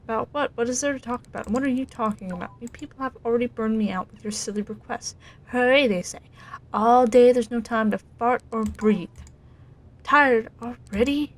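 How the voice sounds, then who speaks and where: A woman's voice: fairly high pitch, normal speed, lightly acted. A woman voicing a rude, irritated older male clerk in a video game. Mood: grumpy. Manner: gruff, irritated.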